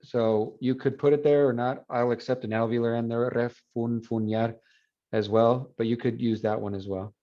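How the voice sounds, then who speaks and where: A man teaching a phonetics class review, explaining and repeating words slowly to model pronunciation. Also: medium pitch, level tone. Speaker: Spanish phonetics instructor. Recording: dull lo-fi classroom recording.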